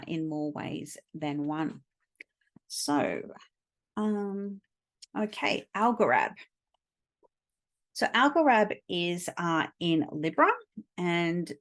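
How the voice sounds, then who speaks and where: A middle-aged woman teaching astrology in a recorded lecture, unhurried, with frequent fillers and pauses. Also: low-pitched.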